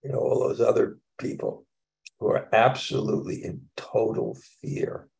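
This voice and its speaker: A man's voice: mid-range voice, flat delivery, normal speed, creaky, darkish tone. A man teaching a scripture class in a casual, conversational way, with chuckling asides.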